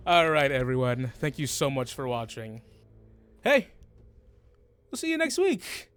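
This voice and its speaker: A man running a tabletop game as game master, narrating in a halting, hesitant way. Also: a little high, huge pitch swings, a bit bright, clear, resonant tone.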